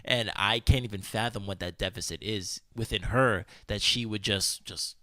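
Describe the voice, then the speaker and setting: A man hosting a podcast, telling a story in casual chat, animated, full of "like" and swearing freely. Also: fairly low pitch, moderate pace, no room sound. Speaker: podcast host.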